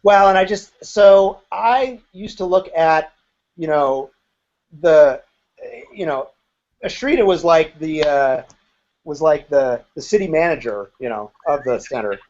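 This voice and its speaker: A man's voice: a little high, a little slow, a little mellow, muffled recording. A man in his fifties, a guest in an interview, telling his story in a frank and occasionally profane way. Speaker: interview guest, former group member.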